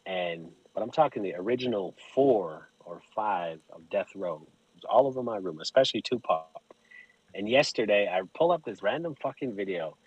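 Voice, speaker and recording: Brief: lower-voiced man, husky, swearing storyteller, dry close mic. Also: normal speed, dry recording, muffled recording. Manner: profane, animated, laughs often. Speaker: podcast guest. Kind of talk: casual storytelling chat.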